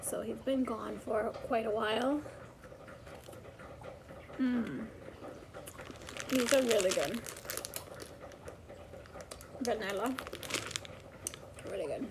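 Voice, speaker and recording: A woman's voice: fairly high pitch, takes it slowly, long pauses, noisy background. A woman vlogging casually at home as a mother, chatty and rambling with many fillers. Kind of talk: casual chat. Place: home, indoors.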